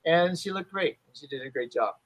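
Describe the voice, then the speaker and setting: A man's voice: on the high side, lively intonation, moderate pace, rough recording. A man in his fifties, a martial arts instructor and actor, telling a story in a casual interview. He is loose and chatty, full of "you know", and acts out the people he quotes.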